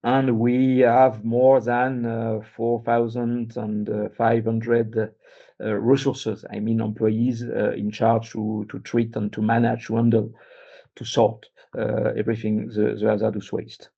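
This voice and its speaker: A man speaking English, giving a halting workshop presentation full of "uh" fillers and restarts, recorded with a dull, muffled sound. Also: mid-range voice, completely flat delivery, gravelly, mellow, husky. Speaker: conference speaker.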